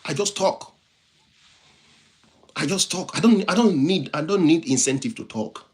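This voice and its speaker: A man with a non-native English accent hosts a motivational livestream. His voice sits a little high and swings widely in pitch as he preaches, and he repeats lines for emphasis. He breaks off to thank viewers by name. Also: lively intonation, measured pace. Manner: reads viewer comments and thanks them by name. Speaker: livestream host, motivational speaker.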